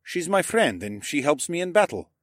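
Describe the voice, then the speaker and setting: A man's voice: on the high side, sing-song, moderate pace, no room sound, clean studio sound, voice pushed up. A man playing a plainspoken young lord. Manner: matter-of-fact.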